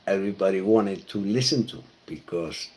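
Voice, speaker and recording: A man from Iceland with an Icelandic accent, a pastor telling personal stories in a halting, reflective way. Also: low voice, darkish tone. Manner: halting and reflective, with many fillers and restarts. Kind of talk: personal storytelling talk.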